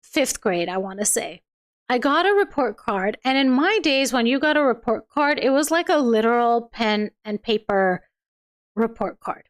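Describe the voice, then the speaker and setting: Livestream host, young woman, high voice, chatty and giggly, restarts sentences often. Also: lively intonation, normal speed. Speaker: livestream host reading viewer comments. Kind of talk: casual chat.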